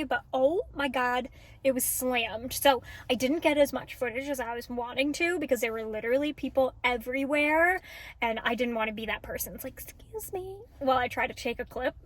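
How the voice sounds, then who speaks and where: A young woman chatting casually in a book vlog, gushing and excitable, full of "like" and "oh my God". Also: high voice, fairly quick. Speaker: book vlogger.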